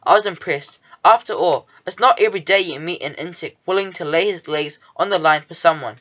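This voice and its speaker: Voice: medium pitch, brisk, fairly bright tone, dull audio. A reader narrating a children's storybook in the first person, with a nervous, fussy manner. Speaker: audiobook narrator.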